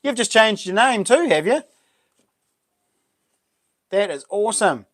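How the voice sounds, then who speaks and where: A man's voice: high voice, animated, measured pace, fairly bright tone, dry recording, studio quality. A man with a New Zealand accent hosting a casual live stream and chatting back to viewers' messages.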